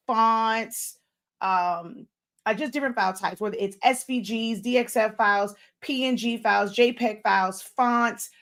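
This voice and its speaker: A woman's voice: a little high, fairly bright tone. A woman hosting a casual live stream for crafters, chatting loosely and reading viewer comments aloud while chewing gum. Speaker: livestream host for crafters.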